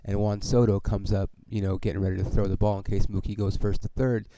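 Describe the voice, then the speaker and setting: This man's voice sits fairly low and moves briskly against a noisy background. Hosting his podcast, he tells a casual story with heavy cursing and lots of heat, peppering it with "dude" and "okay."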